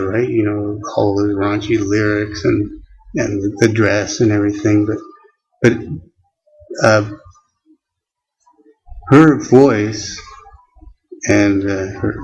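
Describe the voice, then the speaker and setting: A man vlogging in a rambling casual monologue, halting often with restarts and fillers. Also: fairly low pitch, a little mellow, highs cut off.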